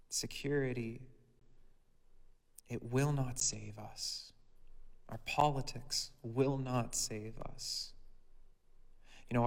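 A man's voice: medium pitch, big-room sound. A man preaching a sermon, reading a scripture passage and then asking his listeners pointed rhetorical questions.

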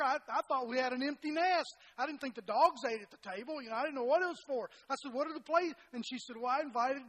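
A man's voice: extremely high pitch, a bit bright, rough recording. Folksy middle-aged male pastor preaching. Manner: folksy, self-deprecating, frequent restarts and "you know". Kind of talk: sermon with personal stories.

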